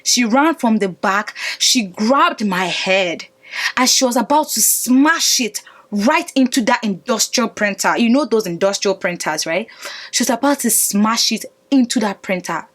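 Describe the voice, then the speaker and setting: Young woman, storytime vlogger, animated, emphatic, slightly high voice. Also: measured pace. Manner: animated, emphatic, addresses viewers as guys and fam. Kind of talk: storytime vlog.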